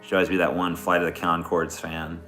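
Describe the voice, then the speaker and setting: Low-voiced man chatting on a livestream. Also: completely flat delivery, fairly quick, a bit bright. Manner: laid-back, swears a lot, reads chat requests. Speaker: livestream host. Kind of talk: casual livestream chat. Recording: echoey room with music behind.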